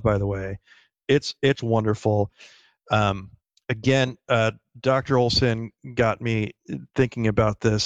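A man co-hosting a casual literary discussion, explaining his points earnestly with quick restarts. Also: medium pitch, dry recording, lo-fi sound. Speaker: podcast co-host.

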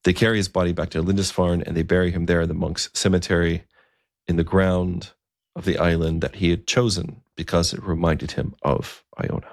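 Deep, gravelly male storyteller. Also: little pitch movement, fairly quick, no room sound, studio quality. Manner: conversational, with fillers and asides. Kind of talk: storytelling narration.

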